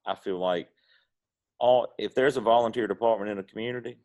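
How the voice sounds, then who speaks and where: Speaking fairly quickly in a lowish, darkish voice, this middle-aged man with an Eastern North Carolina accent chats casually as an interview guest. He's a pitmaster who spins stories in an easygoing, drawling manner.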